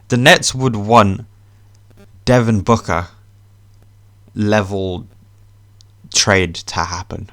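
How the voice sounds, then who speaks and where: A young man hosting a podcast, ranting about sports in a casual, animated way, swearing often. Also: lowish voice, drawn-out words, long pauses, no room sound. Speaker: podcast host.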